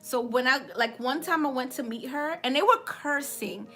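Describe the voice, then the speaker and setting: A woman's voice: sits high, normal speed, pushed and bright. A woman, hosting a casual livestream, chatting with viewers and laughing often as she tells a story. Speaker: livestream host.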